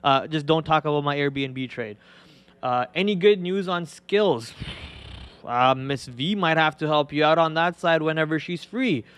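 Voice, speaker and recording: A man hosting a live stock trading show, talking in an excitable, rambling way with many restarts. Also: a little high, unhurried, smooth.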